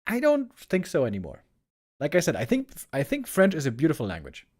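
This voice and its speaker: A man's voice: fairly high pitch, wildly swooping pitch, brisk, darkish tone, breathy edge. A German man with an American-tinged English accent, chatting casually with stream viewers as an esports caster, rambling and repeating words as he searches for them. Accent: German with American-style English.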